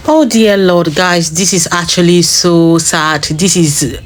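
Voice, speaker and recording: A woman's voice: lowish voice, slow pace, noisy background. A woman giving an earnest, dismayed news commentary to her viewers. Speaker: vlogger.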